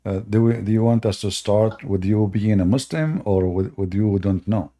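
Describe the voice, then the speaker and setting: Blunt man with a mellow, dark voice. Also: on the low side, normal speed. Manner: blunt, dismissive, repeats words. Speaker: host. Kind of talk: live-stream debate talk.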